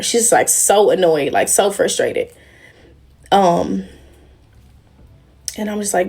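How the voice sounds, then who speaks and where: Gravelly-voiced woman telling a story to her livestream. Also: mid-range voice, slow pace, pauses often, a little mellow. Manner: emotional, rambling, addresses viewers directly. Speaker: livestream host.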